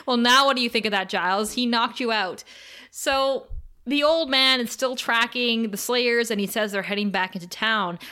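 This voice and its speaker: A woman co-hosting a podcast, recapping a TV episode in casual chat, animated and laughing often as she retells scenes. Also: a little high, normal speed. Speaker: podcast co-host.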